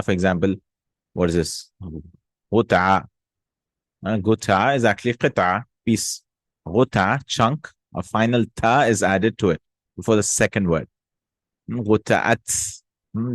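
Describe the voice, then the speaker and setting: A man teaching vocabulary in a casual lesson, repeating words slowly and checking in with "hmm?" and "no?". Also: fairly low pitch, dry recording. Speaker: Arabic teacher.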